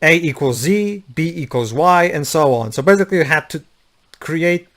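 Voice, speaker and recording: A man's voice: on the high side, expressive, normal speed, a bit bright. A man playing a video game and chatting with friends, rambling through trivia with many restarts. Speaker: game player and commentator. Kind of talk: let's play commentary chat.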